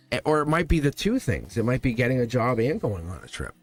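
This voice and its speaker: A man's voice: mid-range voice, animated, normal speed, a bit bright, soft background music. A man hosting a live tarot reading, chatty and reassuring, speaking straight to a viewer and often laughing.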